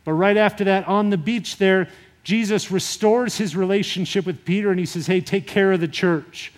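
A man preaching a sermon in a conversational, animated retelling style. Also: high voice. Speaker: pastor.

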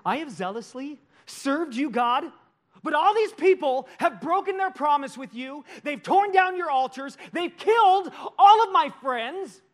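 A man's voice: very high voice, lively intonation, measured pace, pitched above the performer's own voice. A preacher acting out a weary, desperate male prophet who pours out raw, pleading complaints to God. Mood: anguished.

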